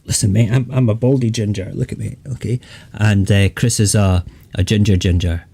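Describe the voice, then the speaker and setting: A man's voice: lowish voice, steady tone, normal speed, creaky, dark tone, husky, no echo. A Scottish man hosting a late-night live chat stream, rambling and jokey, often trailing off and restarting.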